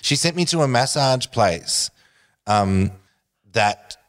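A man's voice: medium pitch, slow. A middle-aged man, a guest, telling a funny story with lots of laughs and acted-out voices. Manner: animated storyteller, acts out voices, laughs often. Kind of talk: casual anecdote telling.

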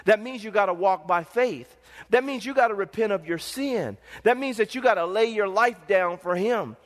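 A man's voice: sits high, normal speed. A male pastor preaching a sermon in an emphatic, repetitive, call-and-response manner, with a long hall reverb.

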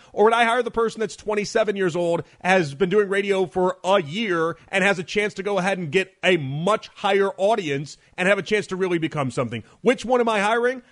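High-voiced, emphatic sports radio man. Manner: emphatic, argumentative, repeats phrases for effect. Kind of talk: opinionated radio monologue. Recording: radio broadcast.

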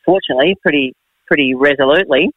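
A middle-aged man answers questions quickly and modestly as an interview guest. He comes through a tinny, narrow phone line. The sound is dry, with no room echo. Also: on the high side.

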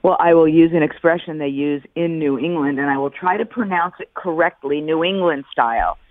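A middle-aged woman, a football analyst calling in as a radio guest, speaking deliberately and repeating words for emphasis. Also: low-pitched, no echo. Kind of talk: sports radio phone interview. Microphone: phone. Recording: tinny phone line.

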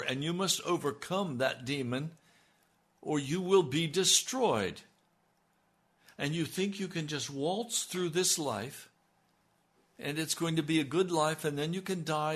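A man preaching a sermon in a husky, gravelly voice that sits a little high for a man. He speaks slowly and deliberately, leaning hard on his words with fervent emphasis. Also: fairly bright tone.

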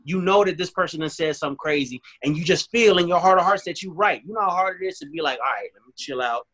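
A man's voice: high-pitched, quick pace, a bit bright. A man talking earnestly and emphatically in a casual chat, repeating his points. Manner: earnest, emphatic, repeats phrases, acts out both sides of arguments.

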